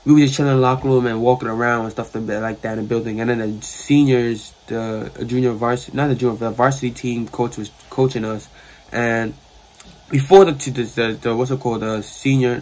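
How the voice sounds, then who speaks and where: A man's voice: medium pitch, brisk. A young man with a New York accent, telling a rambling, slangy storytime in a bedroom. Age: young adult. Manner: rambling, slangy, animated retelling. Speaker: storyteller vlogger. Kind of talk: casual storytime. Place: sister's room.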